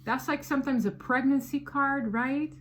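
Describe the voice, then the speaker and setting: Animated slangy woman reading tarot. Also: high-pitched, normal speed, a little hiss or hum. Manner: animated, slangy, emphatic storytelling. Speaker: tarot reader. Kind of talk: casual tarot reading to camera.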